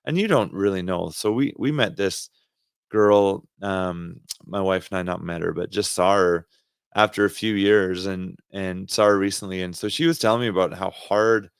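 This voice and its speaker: A man's voice: sits low, normal speed, gravelly, clear, resonant tone, no room sound, studio quality. A Canadian man co-hosting a faith podcast, talking earnestly in a rambling, casual way with restarts. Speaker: podcast co-host.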